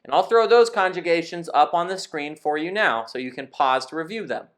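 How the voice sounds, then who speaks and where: A man teaching Spanish in a scripted lesson, explaining verb rules in a clear, methodical way. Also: a little high, animated, fairly quick.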